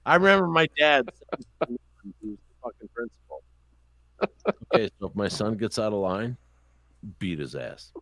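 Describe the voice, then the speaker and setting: A podcast host shares childhood stories in casual conversation, his lowish voice at a moderate pace with frequent pauses and no room sound. He's an animated, profane storyteller who curses often and acts out the people he describes.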